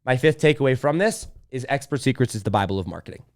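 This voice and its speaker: A man hosting his own show, excitedly retelling a business event and quoting others in a lifted voice. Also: mid-range voice, fast. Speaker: podcast host. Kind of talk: energetic solo recap to camera. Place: home studio with glitching lights.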